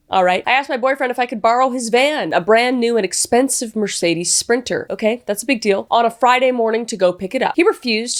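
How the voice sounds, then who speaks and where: A woman comedy YouTuber reading online posts aloud, with animated, sarcastic asides and sudden jumps in pitch.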